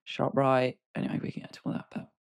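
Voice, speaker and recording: A woman's voice: fast talker, no room sound. An English woman in her thirties co-hosting a podcast, chatting casually with lots of fillers and dry teasing humour. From England. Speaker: podcast co-host, golf broadcaster. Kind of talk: casual chat.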